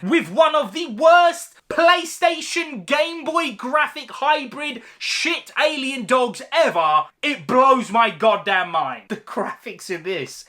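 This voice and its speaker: A man ranting about a film, exasperated and mocking, with loud outbursts. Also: very high-pitched. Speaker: film reviewer.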